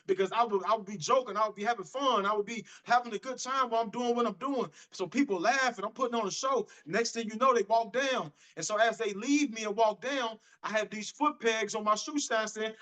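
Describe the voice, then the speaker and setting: A man with a strikingly high voice delivers a motivational sales talk to his group. His tone is bright and forceful, and he stresses points by repeating and restarting phrases. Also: rough recording. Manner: repetitive, emphatic, restarts phrases. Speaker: business motivational speaker.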